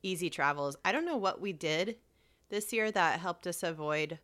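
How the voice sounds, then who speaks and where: A woman in relaxed casual chat who swears freely and laughs easily. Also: on the low side, moderate pace.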